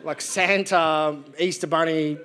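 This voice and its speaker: Brief: wry, animated stand-up comic, thirties, light high voice. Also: male voice, takes it slowly, very noisy. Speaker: stand-up comedian. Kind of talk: stand-up comedy. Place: live theatre stage.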